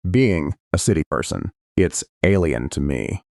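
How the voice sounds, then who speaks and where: A man narrating a first-person thriller audiobook in an expressive storytelling manner. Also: extremely low pitch, a little slow, gravelly, no echo, clean studio sound.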